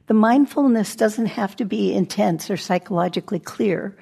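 Female meditation teacher, husky and gravelly, conversational dharma talk. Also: mid-range voice, moderate pace, warm tone. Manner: conversational, acts out inner voices, drops to near-whispers.

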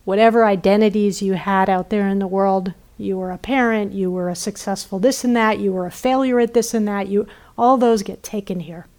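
Gentle woman giving a dharma talk. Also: medium pitch, steady tone, fairly quick, few pauses. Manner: gentle, often checks in with "right?", trails off softly. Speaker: meditation teacher. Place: retreat center.

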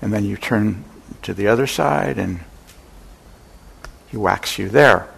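An older man giving a dharma talk as a meditation teacher, an unhurried storyteller who pauses often. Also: fairly low pitch, creaky, fairly bright tone, slightly rough. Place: meditation center hall.

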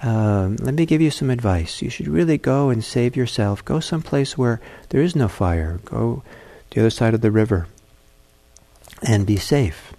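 A man voicing a quiet, thoughtful god in the form of a great eagle, giving soft, gentle advice in a fable. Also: mid-range voice, lively intonation, normal speed, vocal fry.

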